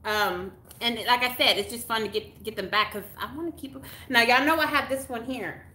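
A woman's voice: fairly high pitch, fairly quick, pushed and bright. Gushing woman in an echoey room. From Texas. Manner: gushing, exclamatory, chatty, with gasps and laughs. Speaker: YouTuber unboxing mail. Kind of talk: casual live unboxing chat.

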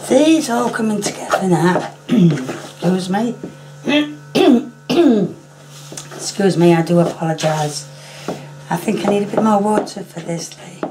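Hoarse woman chatting through a cooking demo. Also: fairly low pitch, lively intonation, moderate pace, over music. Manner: chatty, keeps clearing her throat and apologising. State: hoarse, losing her voice. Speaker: home cooking vlogger. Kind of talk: casual cooking demonstration.

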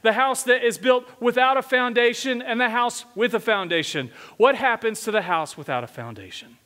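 High-voiced preaching man in a reverberant hall. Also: normal speed, pushed and bright. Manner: conversational preaching, asks the congregation questions. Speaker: senior pastor. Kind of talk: sermon. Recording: long hall reverb from a church sanctuary.

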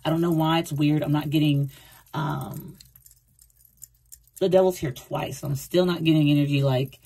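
A woman's voice: deep voice, brisk, darkish tone, slightly rough. A woman doing a casual tarot reading, rambling and repeating herself as she talks through the cards. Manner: chatty, rambling, repeats phrases, acts out quoted thoughts. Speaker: tarot reader.

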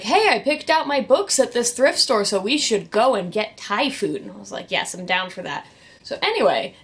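A woman vlogging, telling a rambling story in a casual, animated way with sarcastic asides. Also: medium pitch. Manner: animated, sarcastic asides, quotes people in voices.

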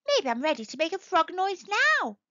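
A woman voicing an eager little male tadpole in a read-aloud storybook, high and excited. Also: normal speed, vocal fry, no echo, full character voice. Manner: excited, high-pitched squeaky. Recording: dry, slightly dull recording.

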